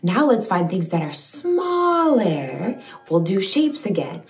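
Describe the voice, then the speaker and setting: A young woman hosting a toddler video speaks slowly in a lilting, high voice. She praises every answer warmly and exaggerates each word. Her voice carries a little echo, with soft music behind. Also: sing-song, far from the mic. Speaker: children's video host. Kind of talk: slow, sing-song teaching for toddlers.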